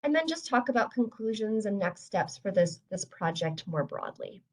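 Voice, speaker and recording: A woman's voice: medium pitch, big pitch swings, moderate pace, darkish tone, poor audio. A woman with a mid-range voice gives a research presentation in a webinar. She sounds friendly and informal. Her speech is full of "um" and "you know" as she walks through her slides.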